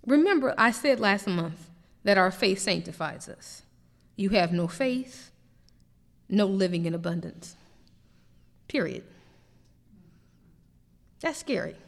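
A woman teaching a sermon in an animated, conversational way, acting out little asides as she preaches. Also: medium pitch, slow pace, gravelly, pauses often, long reverb tail. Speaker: pastor, Bible teacher. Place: church sanctuary.

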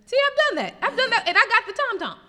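A woman teaching a sermon in an animated, conversational way, acting out little asides as she preaches. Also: very high voice, quick pace, long reverb tail. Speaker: pastor, Bible teacher. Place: church sanctuary.

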